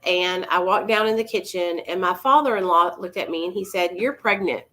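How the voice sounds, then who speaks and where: A woman's voice: fairly low pitch, a little fast, fairly bright tone. A woman in her thirties, a vlogger casually telling viewers a personal story in a chatty, confiding way.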